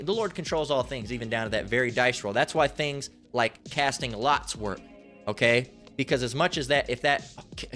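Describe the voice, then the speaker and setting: A man's voice: mid-range voice, a bit bright. Rambling, cussing man giving a Bible talk. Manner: rambling, slangy, swears freely. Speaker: lay Bible teacher. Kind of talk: casual profane Bible lesson.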